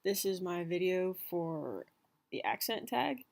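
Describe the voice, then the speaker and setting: A woman's voice: fairly low pitch, sing-song, takes it slowly, vocal fry, darkish tone, a little hiss or hum. A young woman with a Southern Californian accent, chatting casually from bed into her laptop as she reads an accent-tag word list. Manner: chatty and giggly, filler-heavy. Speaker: vlogger. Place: in bed at home. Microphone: laptop mic.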